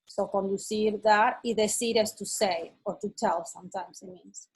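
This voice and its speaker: A woman's voice: medium pitch, steady tone, moderate pace, breathy edge, rough recording. A woman teaching an online lesson, explaining patiently and checking that her student follows. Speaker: Spanish teacher.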